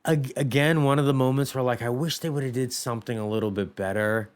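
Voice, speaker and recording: Male podcast co-host, clear resonant tone, casual rambling film chat. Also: medium pitch, fast. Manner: rambling, full of fillers and restarts. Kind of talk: casual movie discussion.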